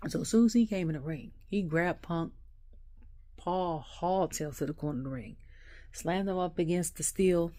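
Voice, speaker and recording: Low-voiced woman ranting animatedly. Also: no room sound. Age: adult. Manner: animated storyteller who laughs often. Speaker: wrestling review vlogger. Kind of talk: casual ranting recap. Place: home.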